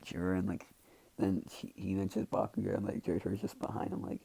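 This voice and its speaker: Low, gravelly young man rambling a fan story. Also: flat delivery, fairly quick, warm tone, poor audio. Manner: rambling, filler-heavy, constantly says "like". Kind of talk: casual fan-story retelling.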